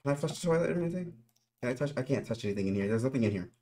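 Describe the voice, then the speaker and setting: A man's voice: medium pitch, expressive, rapid-fire, warm tone, a little hiss or hum. A man giving nervous running commentary while playing a horror game, talking straight to his viewers. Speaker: gaming YouTuber.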